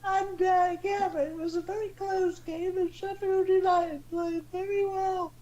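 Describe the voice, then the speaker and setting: A man putting on a wobbly, squeaky falsetto as a comic bit while chatting about football. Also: flat delivery, unhurried, a little mellow, muffled recording. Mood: hammy. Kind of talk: casual chat.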